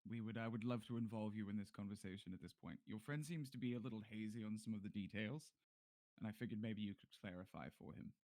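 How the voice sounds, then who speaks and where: A man's voice: on the low side, fast, dark tone, no room sound, lightly acted. A man playing a polite, firm guard captain. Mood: courteous. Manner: polite but firm interrogator. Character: stern male captain of the guard.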